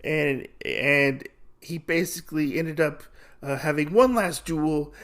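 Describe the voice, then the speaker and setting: A man's voice: a little high, slow, fairly bright tone, voice pushed up. A man voicing a grieving young widow who blames a gambler for her loss. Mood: bitter grief. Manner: lamenting, accusing.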